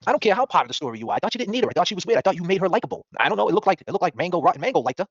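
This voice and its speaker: A man's voice: sits high, sing-song, rapid-fire, no room sound, dull audio. Combative, profane man. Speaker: podcast host. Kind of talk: ranting talk-show monologue.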